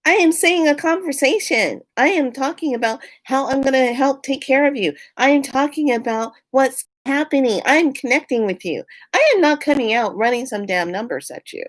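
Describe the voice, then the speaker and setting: A woman from California talking casually to her viewers, outspoken and animated. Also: normal speed, few pauses. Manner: animated, outspoken, jumps up in pitch when worked up. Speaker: spiritual vlogger. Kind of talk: casual chat to camera.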